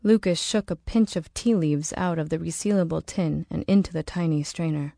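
A woman reading an audiobook in slow, measured, dramatic narration. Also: sits low, vocal fry, dark tone, no echo, clean studio sound. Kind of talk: scripted narration.

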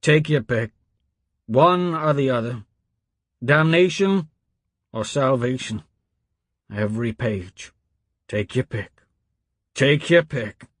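A man voicing a grief-stricken old male priest who sniffles, mutters and then booms out scripture like a Sunday sermon. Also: lively intonation, slow pace, pauses often, dry recording. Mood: haunted, pleading. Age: older. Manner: sniffling, broken, swings to booming preaching.

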